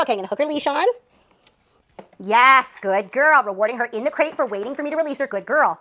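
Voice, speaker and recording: Bright, lively woman dog trainer. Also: fast talker. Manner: upbeat, coos high praise at the puppy between explanations. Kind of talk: hands-on training demonstration.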